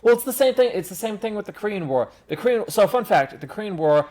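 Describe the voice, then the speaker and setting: A man's voice: high-pitched, animated, fast talker, darkish tone. A young man hosting a casual podcast chat, rambling with restarts as he talks history. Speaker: podcast host.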